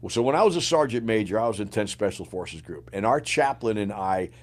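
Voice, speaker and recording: A middle-aged man, a former Green Beret sergeant major, telling his story in a casual podcast interview, profane and animated, acting out the lines of people he quotes. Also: on the low side, brisk.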